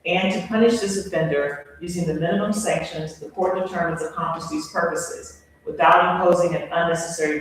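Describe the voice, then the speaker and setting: A man presiding as judge, measured and formal, reading legal wording plainly. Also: on the high side, steady tone. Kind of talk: formal courtroom proceedings. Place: large echoey courtroom. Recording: echoey courtroom from far off, faint hum.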